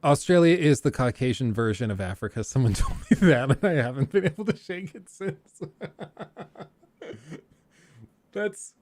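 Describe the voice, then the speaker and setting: A man's voice: medium pitch, animated, moderate pace, long pauses, a little mellow. A young man hosting a live stream, chatting casually with viewers in a rambling, joking way and laughing often.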